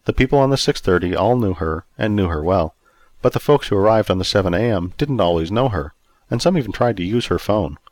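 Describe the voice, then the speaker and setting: A male storyteller narrates in a low voice that moves expressively up and down. He reads close to the mic, with a dry, dead-sounding room and no echo. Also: brisk. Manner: expressive, acts out every character.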